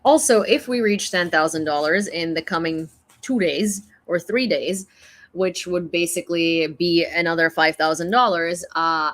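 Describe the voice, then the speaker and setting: Woman, livestream host, talks slowly and giggles through the news. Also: fairly low pitch, a bit bright. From Ukraine. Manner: chatty, giggly, many restarts. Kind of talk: casual livestream news chat.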